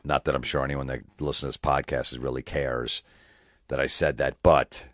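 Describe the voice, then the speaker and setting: Deep voiced guy ranting on his podcast, sarcastic, swears a lot, dry close mic. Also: flat delivery, moderate pace, a bit bright, no echo. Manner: profane, sarcastic, mocking voices. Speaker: podcast host. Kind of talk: comedic rant.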